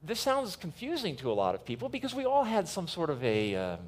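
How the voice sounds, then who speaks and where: A middle-aged man giving a keynote talk to a live audience, emphatic and repeating key phrases slowly. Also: a little high, wildly swooping pitch. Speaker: conference speaker.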